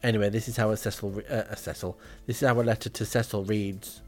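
A man's voice: on the low side, level tone, fast, hardly any pauses, faint music behind. A man with a dry, rambling manner, telling a comic audio diary at home as podcast host. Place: indoors, front room at home.

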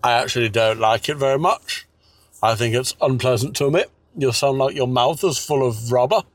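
A man voicing a pompous posh gentleman who speaks in a prim, disapproving way. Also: medium pitch, normal speed, dry recording, natural voice. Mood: disdainful.

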